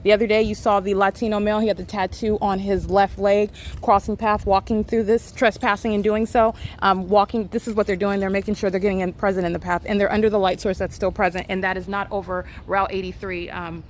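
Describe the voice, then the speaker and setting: A woman's voice: mid-range voice, slight background noise. A woman filming outdoors near an apartment building, talking in an insistent, repetitive, accusatory monologue full of fillers. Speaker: vlogger.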